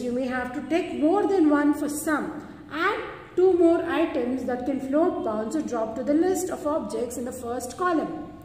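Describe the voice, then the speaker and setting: A woman's voice: high voice, darkish tone. A woman teacher with an Indian English accent leads a pre-recorded lesson, patiently asking each question and answering it herself. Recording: echoey room with faint noise.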